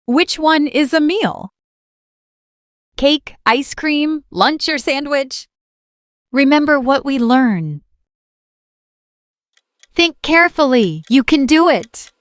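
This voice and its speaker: A woman teaching a slow beginner English lesson, speaking clearly and repeating each word for the learner. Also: sits high, lively intonation, no echo. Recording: dry close voice with faint music. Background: faint background music.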